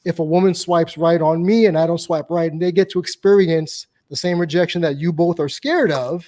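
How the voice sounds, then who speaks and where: High-voiced blunt male podcast host. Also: fairly quick. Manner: blunt, opinionated, animated storyteller. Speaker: host and dating coach. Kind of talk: casual podcast chat.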